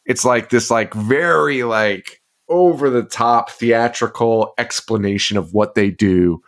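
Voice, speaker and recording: A man's voice: mid-range voice, measured pace. Foul-mouthed man rambling through a recap. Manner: heavy swearing, rambling with fillers. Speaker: podcast co-host. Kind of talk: casual movie recap chat.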